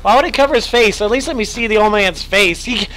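A young man with a high voice streams a horror game, talking fast and swearing, his voice worn and his nose stuffy. The tone is a bit bright and the recording is rough. He's chatty, yelping and cursing whenever something scares him, in live gaming commentary.

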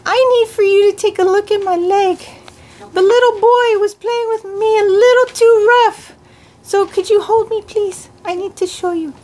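Elmo, squeaky and giggly. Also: female voice, steady tone, normal speed, warm tone. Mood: giggly pleading. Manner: squeaky, giggly, dramatic wailing. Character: Elmo, cheerful little furry red monster. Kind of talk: playful home role-play with a puppet.

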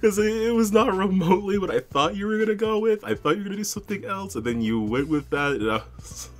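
A man co-hosting a podcast, recapping a tabletop game in casual chat, amused and halting, often repeating words. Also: sits high, animated. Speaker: podcast co-host.

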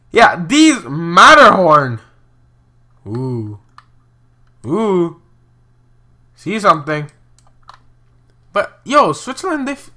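A young man talks through a geography guessing game in a loose, chatty way, often exclaiming and poking fun at himself. His voice is very bright, with a lively, swooping pitch, and he takes his time between phrases. Keyboard clicks and typing sit behind him. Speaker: gaming video host. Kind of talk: casual gameplay commentary.

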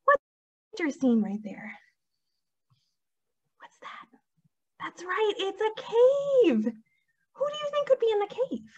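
A young woman leading a toddler storytime at a library, reading aloud slowly in a sing-song, animated way with whispered shushes, on a dull lo-fi recording. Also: very high-pitched. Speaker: children's librarian. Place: library program room.

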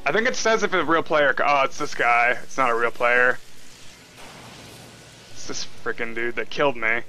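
A young man commentating a game he is playing, casual and excitable, with frustrated outbursts. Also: mid-range voice, normal speed. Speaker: let's play host. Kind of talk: gameplay commentary.

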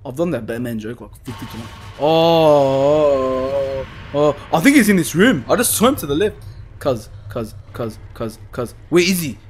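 A young man playing a horror game, swearing and panicking as he yells at the screen. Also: mid-range voice, animated, measured pace, slight background noise. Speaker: gaming YouTuber. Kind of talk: horror game let's play.

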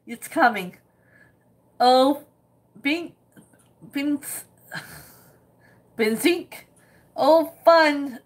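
Woman, cooking livestream host; high voice, unhurried, chatty, laughs often while reading comments. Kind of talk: casual livestream chat reading viewer comments.

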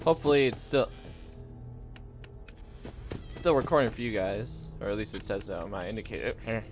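A young man giving casual, joking let's-play commentary on a game, jumpy and yelling at it when startled. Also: lowish voice, expressive, moderate pace, faint music behind. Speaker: gaming video host.

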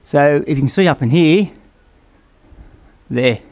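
A man's voice: a little high, measured pace, darkish tone. A man casually talking viewers through a motorbike build in his workshop, rambling and checking in with "all right?" as he goes. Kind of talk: casual workshop how-to talk.

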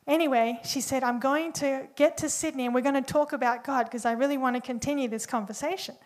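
A young woman preaching, telling a story in an animated way and acting out the quoted dialogue. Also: high voice, fast, few pauses. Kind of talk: sermon storytelling.

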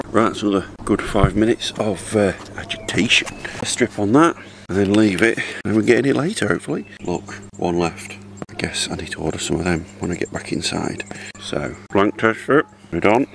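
Middle-aged vlogger, low gravelly voice, chatty and rambling, handheld camera outdoors, faint background hiss. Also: male voice. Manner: chatty, rambling, talks to camera while doing chores. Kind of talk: casual vlog chat. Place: outdoors in a back garden by a hot tub.

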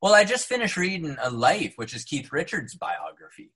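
A man's voice: on the high side, normal speed, slightly rough. A man from Saskatchewan, an actor with a trained neutral North American accent, chatting animatedly as a podcast guest and acting out the people he quotes. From Saskatchewan, Canada. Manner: animated storyteller, acts out quotes. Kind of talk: casual podcast interview.

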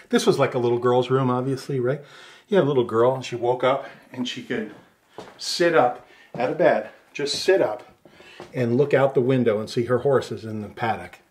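A middle-aged man giving a rambling, joking house tour as a real estate agent, slightly out of breath. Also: medium pitch. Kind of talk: casual walkthrough talking to camera. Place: inside a large empty house. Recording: echoey empty rooms.

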